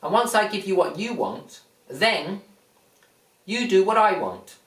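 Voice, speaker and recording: A speaker voicing the calm, gentle sun. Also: medium pitch, measured pace. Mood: reasoning. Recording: echoey room, mic far off.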